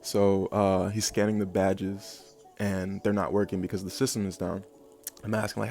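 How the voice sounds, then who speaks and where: A man's voice: lowish voice, flat delivery, normal speed, a little mellow, soft background music. A young man telling a long personal story in a casual, rambling way, full of fillers and bursts of laughter. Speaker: vlogger.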